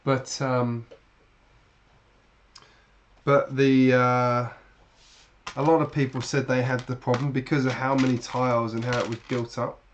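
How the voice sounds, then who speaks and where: A man's voice: mid-range voice, little pitch movement, a little slow, pauses often, lo-fi sound, slight background noise. A man with a British accent, chatting casually to viewers on a live stream while building, rambling with many fillers and restarts. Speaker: LEGO channel host.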